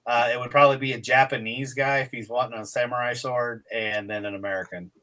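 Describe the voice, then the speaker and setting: Bright-voiced man in his forties rambling. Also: mid-range voice, fairly even intonation, fast. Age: 40s. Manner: rambling, full of fillers and restarts. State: tired, recovering from illness. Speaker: podcast co-host. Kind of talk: casual chat.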